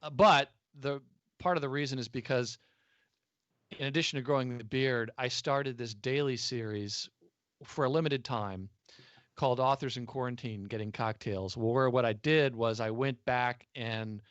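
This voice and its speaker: A man's voice: mid-range voice, normal speed, dry recording. American man, dry dull call audio. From United States. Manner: relaxed, chatty, frequent uh fillers. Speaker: podcast host appearing as guest. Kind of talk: casual interview chat. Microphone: video call.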